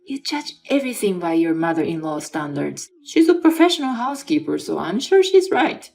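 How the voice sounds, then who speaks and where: A woman voicing an exasperated young wife with an injured arm, in a scripted story reading with a plain, even delivery. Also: fairly low pitch, moderate pace, creaky, faint music behind.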